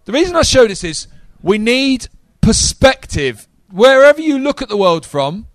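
A man preaching a sermon to a live congregation, energetic and talking straight to the audience. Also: very high voice, normal speed, dry recording.

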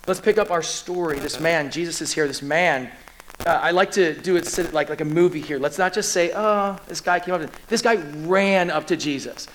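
Middle-aged male pastor, lively sermon voice that acts out scenes, pitched high. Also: normal speed, slight background noise, low-quality recording. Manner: animated, acts out scripture scenes with pleading urgency. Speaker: lead pastor.

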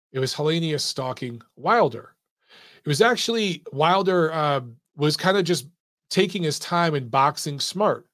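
A man's voice: fairly high pitch, fairly bright tone. A man hosting a casual boxing analysis show, talking emphatically with repeated rhetorical questions while walking through a clip. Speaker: boxing commentator and show host.

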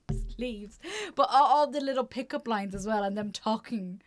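A woman in casual chat about a film, animated, laughing often and acting out scenes in quick voices. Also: on the high side, no room sound.

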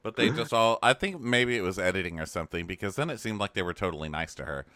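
Animated, bright-voiced man recapping reality TV. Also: fast talker, dry recording, studio quality. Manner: campy, acts out cast members in high mocking voices. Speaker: podcast co-host.

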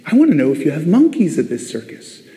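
A man's voice: a little high, wildly swooping pitch, fast, mellow. A man voicing a small, polite male monkey full of wonder as he tells a story in a sermon. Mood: eager wonder. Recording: long echo of a large hall.

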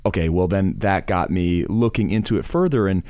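A man's voice: sits low, a little fast, darkish tone, no echo. A man in his thirties, a guest, telling his story earnestly and rambling in a studio interview. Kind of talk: casual interview.

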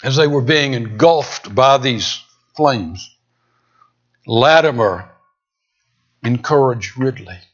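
A male preacher delivering a dramatic sermon, swinging from loud emphatic peaks down to hushed near-whispers. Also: mid-range voice, slow, long pauses. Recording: dull lo-fi sound.

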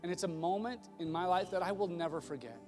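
A man's voice: sits high, fast, darkish tone. A man in his thirties, a pastor delivering a sermon in a conversational, humorous way that builds to emphatic repetition. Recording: long hall reverb with faint music.

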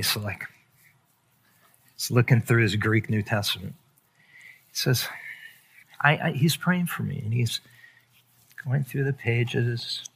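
A man's voice: medium pitch, creaky, a bit bright, husky. A man preaching, telling a candid, confessional personal story that rises into emphatic stretches. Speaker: pastor. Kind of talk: personal testimony sermon.

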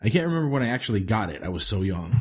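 Man, podcast guest, casual interview, deadpan, husky raspy voice. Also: on the low side, rapid-fire. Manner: dry, deadpan joking. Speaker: podcast guest, cast member.

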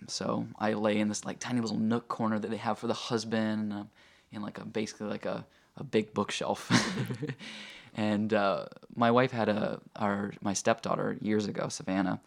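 Gravelly low-voiced man telling a story. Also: normal speed. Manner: animated, acts out quoted voices, filler-heavy. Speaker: guest telling a personal story. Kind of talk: casual anecdotal storytelling.

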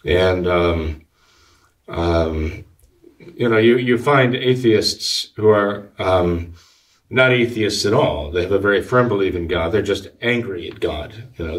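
A man, a Catholic priest, answering listener questions in a measured, halting way with many fillers and restarts. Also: deep voice, distant mic. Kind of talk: conversational commentary.

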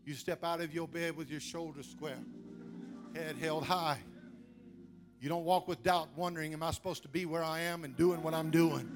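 Emphatic preacher man over music. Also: a little high. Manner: emphatic preaching with call-and-response. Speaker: pastor. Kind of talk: sermon.

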